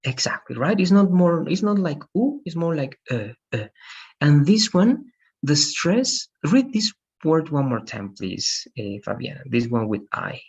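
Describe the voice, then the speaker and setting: A man teaching an online English class, patiently correcting pronunciation and slowly modeling words for his students. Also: a little high, very animated, breathy edge. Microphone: video call. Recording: dull lo-fi video call audio.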